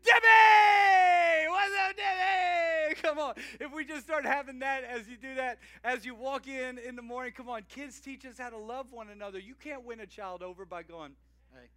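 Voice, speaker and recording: Male pastor in his forties, high and very bright voice, energetic conversational sermon delivery. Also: fairly quick, few pauses. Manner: energetic, conversational, laughs often, shouts greetings.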